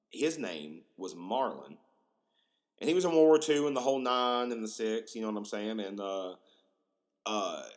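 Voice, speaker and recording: Young guy rambling on his podcast, lots of ums and dude, voice bounces up and down a lot. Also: on the low side. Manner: rambling, slangy, lots of fillers and crude jokes. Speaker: podcast host. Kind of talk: casual storytelling monologue.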